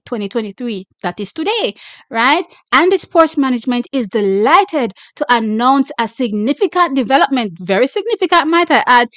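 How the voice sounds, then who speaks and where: Excitable Jamaican woman hosting sports news. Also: a little high, no room sound. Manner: excitable, hyping, reads a press release aloud with asides. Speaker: sports channel host. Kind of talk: casual track-and-field news commentary.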